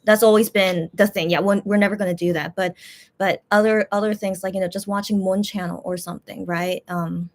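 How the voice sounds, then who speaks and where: A woman's voice: medium pitch, fairly even intonation, a little fast. A woman host chatting casually to her viewers, rambling with many fillers and restarts, frustrated and complaining. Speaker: YouTube channel host.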